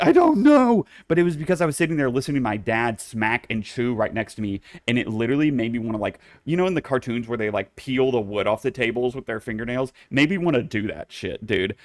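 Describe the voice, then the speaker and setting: A young man hosting a casual solo podcast, campy and playfully bossy, swearing freely and jumping into high squeals for jokes. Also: no room sound. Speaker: podcast host.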